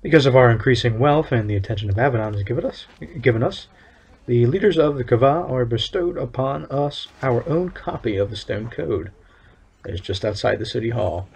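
Guy reading a stern town overseer, gravelly husky voice, formal and measured. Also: mid-range voice, expressive, darkish tone. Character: stern male town overseer upholding harsh law.

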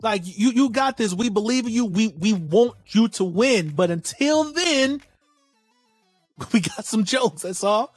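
A woman co-host talks bluntly and sassily in a casual podcast chat. Her voice swings widely in pitch and sits high. She hammers her points home with repetition. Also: animated, unhurried, no room sound, faint music behind. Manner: blunt, sassy, emphatic repetition.

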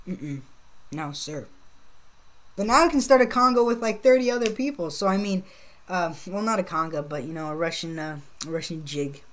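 A woman's voice: fairly low pitch, expressive, moderate pace, a bit bright. A woman giving casual gameplay commentary, laid-back, laughing often and swearing casually. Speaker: gaming channel host.

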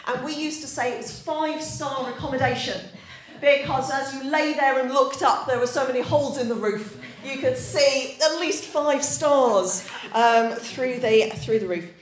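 This Yorkshire-born pastor, a woman in her forties, talks at a normal speed in a high-pitched voice. Her church sermon is chatty and story-driven, and she quizzes the congregation, with the room's echo audible.

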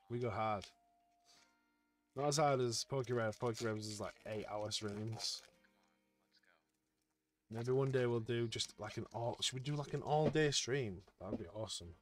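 A man live-streaming as he opens trading card packs, chatting excitedly with his viewers. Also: mid-range voice, a little slow, soft background music. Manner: excitable, chatty, talks to chat. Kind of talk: casual live-stream chat.

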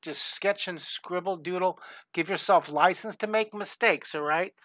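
A man's voice: sits high, normal speed, bright, forceful tone, no room sound. Upbeat man teaching kids to draw. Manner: upbeat, encouraging, greets viewers by name. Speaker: art teacher hosting a live drawing class. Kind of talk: live-streamed kids' drawing lesson.

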